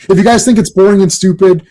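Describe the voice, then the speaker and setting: A man's voice: high voice, mellow. A man hosting a live stream in casual chat, rambling, laughing often and swearing freely. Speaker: streaming show host.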